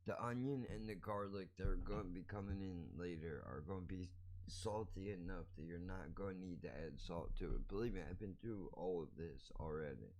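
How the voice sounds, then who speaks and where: A man's voice: low-pitched, brisk, darkish tone. A man hosting a podcast, giving a blunt, profane, ranting monologue. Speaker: podcast host.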